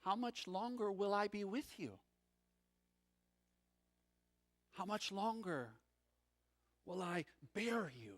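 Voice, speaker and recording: A man voicing a calm, grave male teacher who rebukes his followers in a hushed, low tone, slowly, within a sermon.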